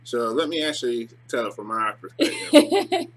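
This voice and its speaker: A man's voice: medium pitch, wildly swooping pitch, normal speed. A man hosting a casual mukbang vlog, chatting in an easygoing way about his food while eating. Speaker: vlog host. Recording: noisy home recording.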